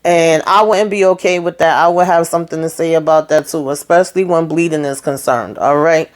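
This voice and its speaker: A woman's voice: low voice, fairly even intonation, a little fast. Woman w/ recapping her show, chatty, acts out the lines as she retells em. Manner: retells scenes in quoted dialogue, chatty asides. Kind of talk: casual recap commentary.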